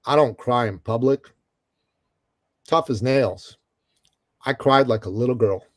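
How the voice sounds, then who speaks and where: A middle-aged man from Iran, a guest telling a story in an interview, animated and calling the host brother. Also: medium pitch, a little slow, no echo.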